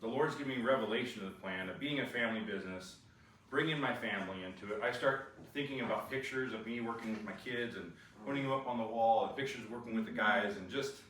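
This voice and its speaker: A man sharing a personal testimony, animated and restless, full of fillers and restarts. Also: lowish voice, fast talker. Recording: echoey room, far from the mic, faint noise.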